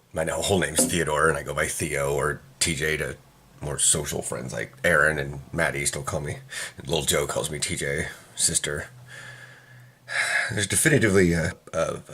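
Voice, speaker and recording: Rambling, deep-voiced man chatting to camera. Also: fairly bright tone, slight background noise. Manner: rambling, chatty, self-interrupting. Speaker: vlogger. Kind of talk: casual chat to camera. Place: indoors near a counter.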